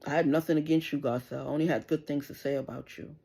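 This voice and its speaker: Fast and low, with fairly even intonation, vocal fry, a dark tone and a breathy edge, this is a middle-aged woman vlogger. She aims an angry, profane, confrontational rant at the camera, hammering "you understand?" repeatedly.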